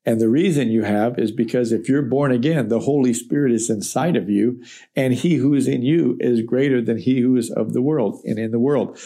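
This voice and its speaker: A man's voice: mid-range voice, warm tone. A man teaching through a Bible letter verse by verse, in a conversational, explanatory way. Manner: conversational, explanatory, checks in with okay.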